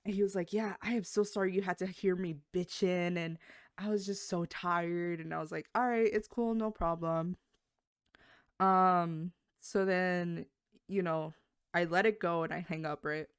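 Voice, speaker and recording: A woman co-hosting a podcast, telling a story in casual chat, acting out quotes with sudden jumps in pitch and lots of fillers. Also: fairly even intonation, measured pace, clear, resonant tone, dry recording, studio quality. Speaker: podcast co-host.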